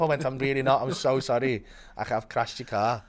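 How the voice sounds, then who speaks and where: A man's voice: mid-range voice, a little fast, crowd noise. A young man tells a comic story on a podcast. He swears freely and laughs as he goes. He acts out the voices of the people in it. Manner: animated, swearing, laughing, acting out other voices.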